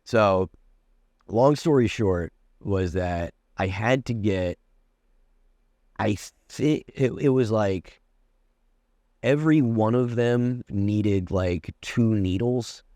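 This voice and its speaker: A man's voice: lowish voice, slow pace, pauses often, warm tone, dry recording. A man who is a comedian, telling a long personal story in a casual, profane way, with many restarts and acted-out back-and-forth dialogue. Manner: rambling, profane, with many restarts and quoted exchanges. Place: New York City.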